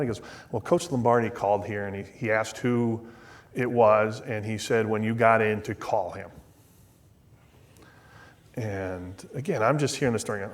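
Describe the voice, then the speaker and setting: Middle-aged guy telling a funny story to a crowd, loose and chatty, mid-pitched voice. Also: fairly quick. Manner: chatty, self-mocking, with frequent asides and restarts. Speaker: guest speaker. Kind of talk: storytelling talk. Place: shrine event before an audience.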